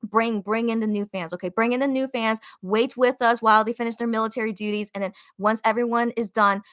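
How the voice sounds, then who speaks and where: A woman hosting a casual livestream podcast, reading chat comments aloud and gushing with excitement through lots of fillers. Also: a little high, fairly quick. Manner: excited, gushing fan talk with many fillers.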